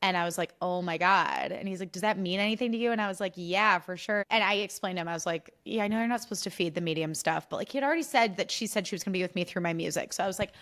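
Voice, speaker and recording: A woman's voice: on the low side, very fast, few pauses, fairly bright tone. A young woman hosting a solo podcast, talking candidly in a chatty, confessional way with lots of "like" and quoted back-and-forth. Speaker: podcast host.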